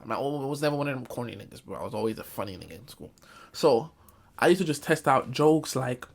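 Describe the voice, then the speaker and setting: A man's voice: mid-range voice, expressive, fast, vocal fry. A young man telling a comic school story in a storytime vlog, acting out quotes. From Jamaican family, Caribbean community. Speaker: vlogger.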